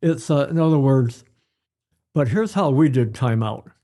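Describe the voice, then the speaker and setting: An older man, a pediatrician guest, giving parenting advice in an unhurried storytelling way. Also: mid-range voice, expressive, dark tone. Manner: unhurried, storytelling, acts out examples. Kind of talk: advice-giving interview chat.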